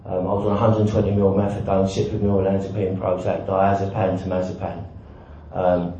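A man shares his recovery story in a blunt, self-mocking way, dropping the odd swear word. His voice booms around a large, very echoey hall. The recording sounds dull and muffled. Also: completely flat delivery, moderate pace, dark tone, slight background noise. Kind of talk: personal recovery talk with self-mocking humour.

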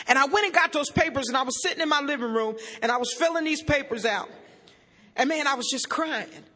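Woman, very high voice, bright and sharp, animated storytelling, echoey hall. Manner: animated, joking, bursts of shouting. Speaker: recovery meeting speaker. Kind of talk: humorous personal testimony to an audience.

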